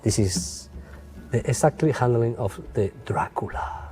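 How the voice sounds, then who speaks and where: A Spanish-speaking male magician explains card sleights in an instructional demonstration, using simple, broken English peppered with "okay?" and "eh?" checks and a playful, storytelling patter. His mid-range voice is unhurried and dark-toned, with faint music beneath.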